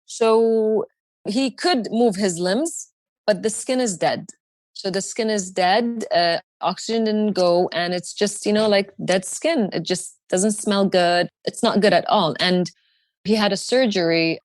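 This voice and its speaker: A woman's voice: medium pitch, a little slow, no echo. A woman in her thirties from Kuwait, a podcast guest telling a personal story with animation, acting out dialogue and swearing freely. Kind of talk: emotional personal storytelling in conversation.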